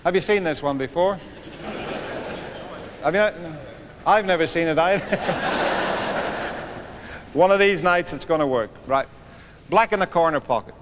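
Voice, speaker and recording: A man's voice: a little high, a little slow, long pauses, background noise. A man with an Irish accent telling jokes and chatting with a live audience between trick shots. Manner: chatty, joking, teasing the audience. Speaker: comedian and snooker entertainer.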